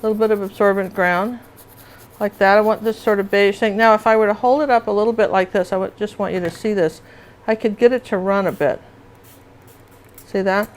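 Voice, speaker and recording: A woman's voice: medium pitch, fairly even intonation, fairly quick, poor audio. A middle-aged woman teaching acrylic painting in a live demonstration, chatty and often asking viewers if they see it.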